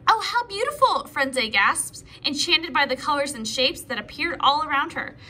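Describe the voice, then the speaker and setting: A woman's voice: high voice, slight background noise. A woman teacher reading a picture book aloud to preschoolers, with little asides to the children. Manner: animated, slow storytelling with asides to children.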